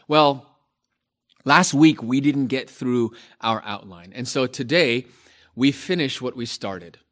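A male pastor preaching a sermon, slow and emphatic, repeating key phrases for stress. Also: medium pitch, fairly bright tone.

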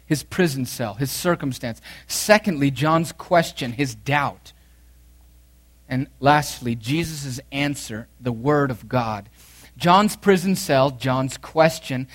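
In a mid-range voice, a male preacher delivers a sincere sermon, reading scripture aloud and returning to key phrases. His volume swings between loud emphasis and hushed intensity.

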